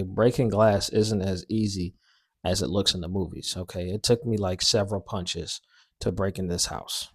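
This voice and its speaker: A young man telling a story-time tale in a casual, animated, slangy and self-mocking way. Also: lowish voice, no room sound, clean studio sound.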